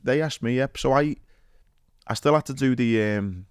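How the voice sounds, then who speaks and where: A man hosting a podcast, chatting casually and quickly with lots of "like" fillers. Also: mid-range voice, clear, resonant tone, no room sound, studio quality. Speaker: podcast host. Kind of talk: casual chat.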